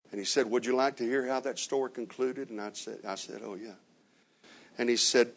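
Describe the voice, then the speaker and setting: A man preaching a sermon, slowly retelling a story with many reported quotes and dramatic pauses. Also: medium pitch. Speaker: traveling preacher.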